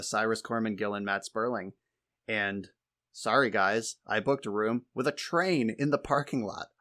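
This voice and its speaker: A man's voice: on the low side, a bit bright. A man co-hosting a podcast, telling exasperated, wry stories in casual chat and swearing freely. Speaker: podcast co-host.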